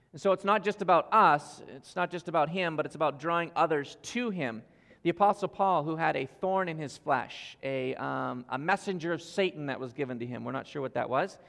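A man preaching a sermon as pastor, earnest and speaking straight to his congregation, swinging between loud emphasis and soft asides. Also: a little high, creaky. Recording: long hall reverb.

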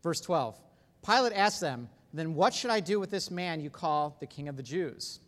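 A man delivers a sermon with a high, lively voice that rises and falls sharply. His preaching is emphatic and animated, and the volume swings widely from quiet asides to loud peaks. The sound carries a long hall reverb. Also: moderate pace.

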